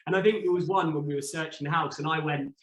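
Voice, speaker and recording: A former reality show contestant appearing as a podcast guest tells a story in casual chat, rambling and restarting often. His voice is on the high side with a steady tone and quick pace, in an echoey room on a rough recording.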